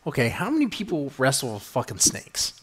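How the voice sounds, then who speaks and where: Man, podcast host, medium pitch, rambling, profane, filler-heavy, casual chat. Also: wildly swooping pitch, a little fast, husky.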